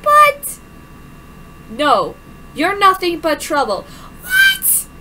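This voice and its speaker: Giggly, expressive young woman with a high voice. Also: unhurried, noisy background. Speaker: gameplay commentator. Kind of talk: playing a story game with commentary.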